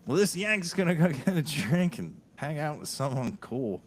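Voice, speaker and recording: Animated storytelling podcast host, a man. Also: a little high, normal speed. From Delaware, US Northeast. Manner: animated storyteller, laughs often, many restarts. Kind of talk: casual podcast chat.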